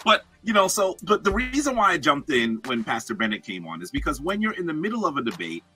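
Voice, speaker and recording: A man explaining his side on a live debate show, animated and talkative. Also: fairly high pitch, quick pace, soft background music, rough recording. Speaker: guest commentator.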